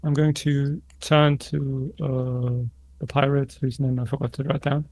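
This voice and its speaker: A man playing a tabletop game, calm and deliberate. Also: mid-range voice, no room sound. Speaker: player.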